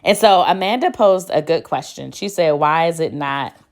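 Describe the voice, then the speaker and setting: A woman teacher giving a phonics spelling lesson, speaking slowly and deliberately and spelling words out letter by letter. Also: sits low, animated. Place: classroom.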